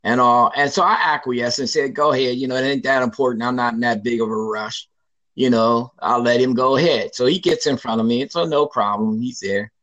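A man in his sixties telling a personal story in an interview, lively and emphatic, acting out what people said. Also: mid-range voice, a little fast, rough recording. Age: 60s. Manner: lively, emphatic storyteller who acts out quoted lines.

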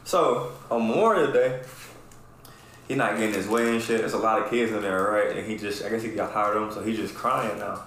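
Brief: male podcast host, swears a lot, animated storyteller, very roomy echo, faint room noise. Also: on the low side, fairly quick. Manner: profane, animated, keeps asking "right?". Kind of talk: casual storytelling chat. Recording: very echoey room.

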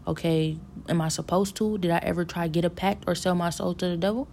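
A woman's voice: fairly low pitch, fairly even intonation, fast talker, dark tone, slight background noise. A woman telling a long, rambling story about a vision, musing earnestly about God and the devil with many fillers and restarts.

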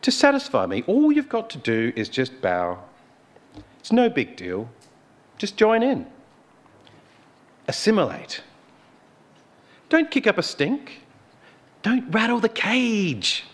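A man's voice: sits high, huge pitch swings, slow, pauses often, voice pushed up, full character voice. A man preacher voicing a smarmy, arrogant ancient king who coaxes and pushes during a sermon story. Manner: coaxing, pushy questioning.

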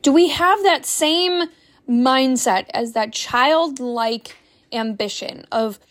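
A woman's voice: high-pitched, slow. A young woman, a stay-at-home mom, giving an earnest, preachy faith-based motivational talk full of rhetorical questions as a podcast host.

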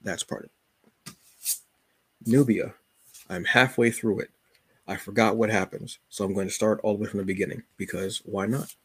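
A man with a fairly low, husky voice talks loosely and jokingly as a podcast host, like he is chatting with friends. The sound is dry and close, with no room around it. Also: steady tone, moderate pace, pauses often, a bit bright, no echo. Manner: laid-back, joking, colloquial. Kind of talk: casual solo chat.

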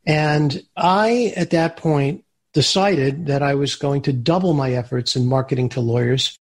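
A man, an entrepreneur and interview guest, telling business stories in a lively way. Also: medium pitch, measured pace, slightly rough. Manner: animated storyteller who acts out quoted voices. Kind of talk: storytelling interview answers.

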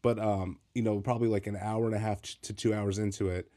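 A man's voice: on the low side, flat delivery, fast talker, warm tone. A man co-hosting a casual podcast, telling stories in a laid-back way, full of fillers and swearing. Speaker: podcast co-host. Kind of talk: casual chat.

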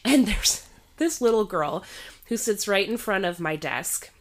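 A young woman, a pregnant teacher, chatting casually with friends, animated and swearing, jumping into raised voices when she quotes people. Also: medium pitch, measured pace. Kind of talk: casual chat.

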